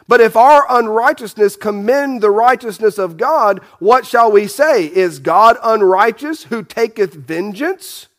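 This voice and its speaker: A man's voice: sits high, expressive, measured pace, hardly any pauses. A man preaching a Bible sermon, emphatic, asking rhetorical questions and restarting phrases as he goes. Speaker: pastor.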